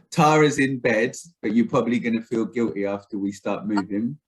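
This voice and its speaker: A man hosts a casual conversation over a video call. He is friendly and a bit rambling, leaning on fillers. His pitch sits in an ordinary middle range. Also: fairly even intonation, measured pace, rough recording. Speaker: host.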